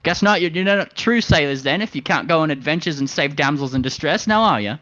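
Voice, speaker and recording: Voice this one as a brash adult male flying pony from a tabletop game, as a player puts him on, high and bouncy with a bright, sharp edge. He pleads and flatters at full volume, and it comes through a dull, lo-fi recording. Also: fairly quick, dry recording. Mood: coaxing.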